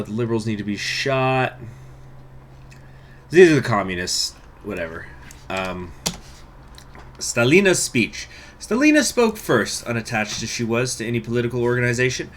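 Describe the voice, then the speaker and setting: A man commentating a strategy game playthrough, chatty and excitable, reading the game's text aloud. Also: fairly low pitch. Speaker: gaming channel host. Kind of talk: let's play commentary.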